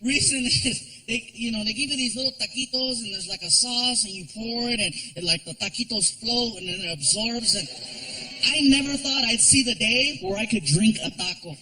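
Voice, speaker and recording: A man doing an animated stand-up comedy routine on a theater stage, telling stories with lots of voices. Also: very high-pitched, normal speed, low-quality recording. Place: large theater.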